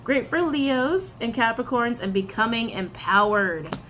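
A woman reading tarot and crystal meanings, animated, repeating her phrases and breaking into excited outbursts. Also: fairly high pitch, unhurried, a little hiss or hum. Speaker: tarot reader.

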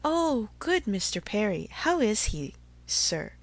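A woman reading the part of a gentle young mother who speaks earnestly and reassuringly. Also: medium pitch, sing-song, slow, exaggerated voice. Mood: earnest warm. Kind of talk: audiobook character reading.

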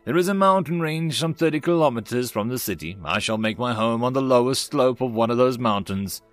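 A man's voice: mid-range voice, animated, brisk, dry recording, soft background music, natural voice. A man voicing a giant beaked alien ex-soldier who speaks in curt, formal, commanding sentences. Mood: cold.

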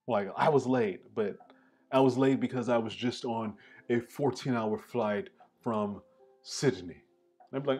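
Faint music plays behind this male host as he chats casually over tea. His voice is medium-pitched with a darkish tone and a slightly slow delivery, and he keeps dropping in "like" and "right?".

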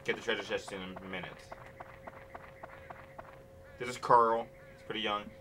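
A gaming channel host makes casual remarks as he plays, grumbling with impatience and swearing regularly. His lowish, steady voice comes across pushed and bright at a normal pace. It's a rough recording with slight hiss or hum and game music behind him.

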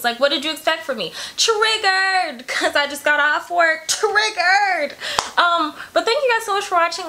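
A woman reacting to a song from her bedroom, gushing, emotional and swearing freely. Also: high voice. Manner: emotional, gushing, profane, animated. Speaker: music reaction vlogger. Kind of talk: casual reaction commentary.

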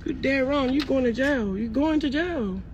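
A woman's voice: sits high, moderate pace, muffled recording, background noise. A young woman, upset and shaken, angrily ranting into her phone by a car, cursing and repeating herself. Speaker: mother filming a live phone video. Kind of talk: agitated phone video rant. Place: in and around a car, outdoors.

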